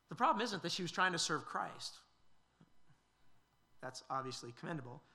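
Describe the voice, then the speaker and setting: A man's voice: on the high side, lively intonation, a little fast, bright, forceful tone. A man preaching a sermon, earnest and questioning, with frequent fillers and restarts.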